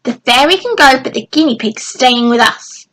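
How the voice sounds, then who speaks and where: A woman reading aloud voicing a gang of sneaky, nervous male goblins that stutter and hiss, with a slightly husky, fairly high voice. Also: lively intonation, normal speed, a bit bright, poor audio. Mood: demanding. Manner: stuttering, hissing, demanding.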